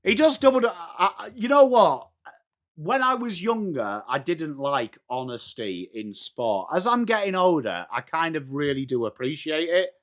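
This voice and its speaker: An English man hosting a fan watchalong, chatting through the match as live fan commentary and breaking into shouts at big plays. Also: fairly high pitch, expressive, measured pace. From England.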